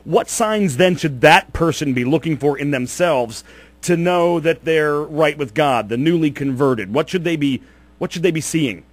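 A man's voice: a little high, animated, normal speed, no echo. A man hosting a radio interview who asks questions hesitantly, with many fillers. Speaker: radio host.

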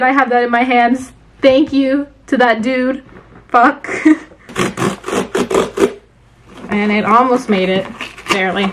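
Chatty excitable young woman vlogging. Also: on the high side. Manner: chatty and excitable, lots of fillers. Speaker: book vlogger. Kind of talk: casual vlog chat.

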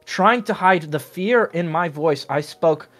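A man reading a fanfic aloud in a casual comedic way, deadpan narration broken by outbursts. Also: fairly high pitch, measured pace, soft background music. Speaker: fanfic reader.

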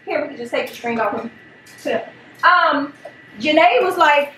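Very high-pitched, animated storytelling woman. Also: brisk, roomy sound, recorded from a distance, a little hiss or hum. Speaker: vlog host and mother. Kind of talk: casual storytelling. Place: home kitchen.

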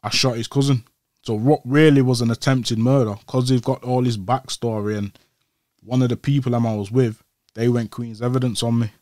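A man tells his story in a casual interview, talking in street slang and retelling events with energy. His voice sits at an ordinary pitch and comes across close and dry, with no room echo. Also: steady tone, normal speed, darkish tone. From Old Trafford, Manchester, England. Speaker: interview guest.

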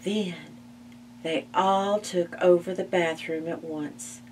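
A woman reading a children's picture book aloud at a library storytime, expressive and gasping at the story's turns. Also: on the low side, slow pace. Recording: distant mic with faint hum.

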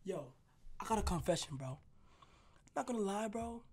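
A young man on a livestream talking to his chat, loud, excitable and full of slang. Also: high voice, moderate pace.

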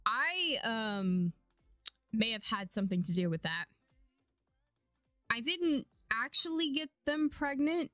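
Young woman streamer, casual game commentary, excitable, faint music behind, dry. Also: a little high, slow pace, pauses often, dry recording. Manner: excitable, squeals and laughs often, chatty.

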